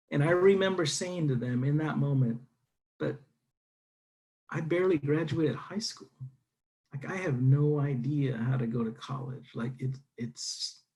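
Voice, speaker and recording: A middle-aged man from San Diego telling his life story to an audience, acting out the voices in it. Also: a little high. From San Diego, United States. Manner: animated storytelling, acting out dialogue. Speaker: speaker. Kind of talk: personal story talk.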